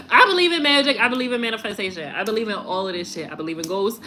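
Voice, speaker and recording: A woman tarot reader talks on a live stream in a fairly high, bright voice that swings up and down. She laughs, swears and mocks freely in loose, casual chat. A faint hum of background noise sits under her. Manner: animated, laughing, swearing, mocking; settles low and slow when signing off.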